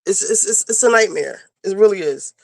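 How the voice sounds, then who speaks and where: A woman's voice: mid-range voice, expressive, brisk, gravelly, dry recording. A woman panelist in casual chat, talking bluntly and rambling with plenty of swearing. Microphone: video call.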